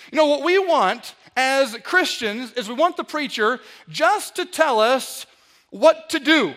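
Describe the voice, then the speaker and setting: Preacher guy with a high voice, animated and sarcastic, storytelling sermon. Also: measured pace.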